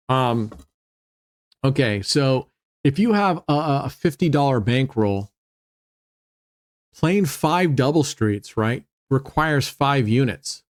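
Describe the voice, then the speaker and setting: A man hosting a casual gambling walkthrough from home, talking chattily and cheering and laughing when bets land. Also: medium pitch. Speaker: casino strategy channel host.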